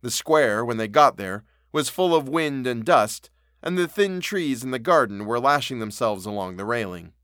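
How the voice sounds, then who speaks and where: A man reading a classic story aloud as narrator, in steady, measured storytelling. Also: mid-range voice, dry recording, clean studio sound.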